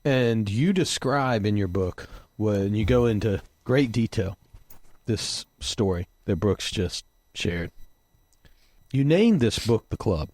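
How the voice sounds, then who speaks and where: Low-voiced male podcast host. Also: lively intonation, takes it slowly, no echo. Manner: gentle, reads aloud from a book. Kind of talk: interview conversation.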